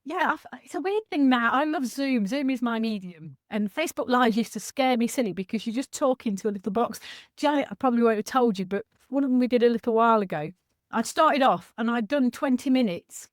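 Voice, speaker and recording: Lady in her 60s coaching on a zoom call, high-ish voice, chatty and frank, dry close sound. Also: brisk, no room sound. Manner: chatty, animated, frank, laughs easily. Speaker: sobriety coach speaker. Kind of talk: casual talk on a video call. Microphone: video call.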